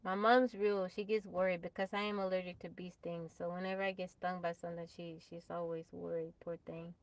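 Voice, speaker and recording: A woman's voice: fairly low pitch, little pitch movement, brisk, no echo, low-quality recording. Chatty woman live-streaming, dry close sound. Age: adult, mother of a child. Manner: chatty, laughs often, talks to viewers. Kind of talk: casual live-stream chat. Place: tiny house off the grid.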